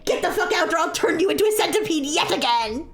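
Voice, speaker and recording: A woman voicing a hot-tempered young German man with a German accent, shouting and swearing in a comedic fanfiction reading. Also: very high-pitched, expressive, quick pace, a crowd in the background, pitched above the performer's own voice. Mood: angry.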